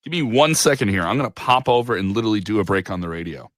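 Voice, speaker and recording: A man's voice: fairly low pitch, rapid-fire, no echo, studio quality. A man hosting a casual podcast interview, chatty and joking, the talk of a radio personality. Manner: chatty, lively, jokey asides. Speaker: guest host and radio personality.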